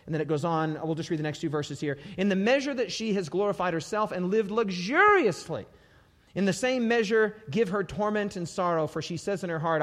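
Male preacher, emphatic and dramatic, animated high delivery, long hall reverb. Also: a little fast. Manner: emphatic, dramatic scripture reading with sudden loud bursts. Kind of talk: sermon.

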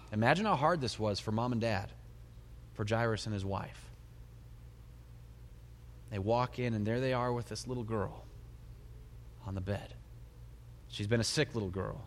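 A middle-aged male pastor preaching a sermon in a large hall, his voice ringing with a long reverb. He tells the story in an animated way, his pitch swinging widely, with soft laughs between lines. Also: slight background noise.

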